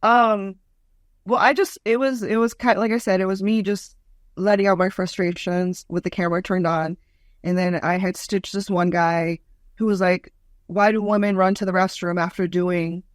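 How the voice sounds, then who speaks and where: Woman, stand-up comedian, talk-show guest, blunt, animated, storytelling, medium pitch, dry close sound. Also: moderate pace, no room sound. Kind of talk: casual talk-show chat.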